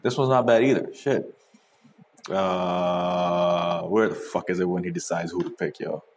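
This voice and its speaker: A man hosting a casual podcast, reacting to clips with crude, profane commentary and loud whoops. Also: deep voice, steady tone, unhurried. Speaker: podcast host. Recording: echoey room, faint noise.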